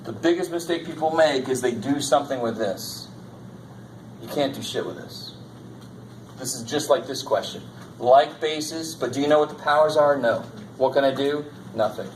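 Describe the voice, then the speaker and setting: A man's voice: mid-range voice, moderate pace, a little hiss or hum, poor audio. A man teaching a college math class in a lecture, casual and jokey, swearing now and then. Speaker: math instructor.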